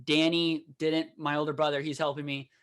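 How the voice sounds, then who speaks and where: Young guy, high voice, profane and animated, casual podcast storyteller. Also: a little fast, clear, resonant tone. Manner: profane, animated storyteller, shouts quoted lines. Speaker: podcast co-host.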